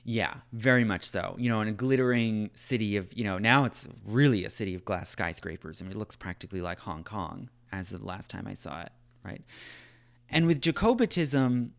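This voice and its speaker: Man, lowish voice, casual discussion, filler-heavy, conversational. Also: animated, a little fast, vocal fry. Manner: loose, filler-heavy talk, frequent "right?" and "like".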